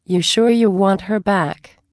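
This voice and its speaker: A woman's voice: medium pitch, takes it slowly, darkish tone, no room sound, studio quality, natural voice. Woman reading a wry, teasing male officer. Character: dry, wary male Al Bhed officer.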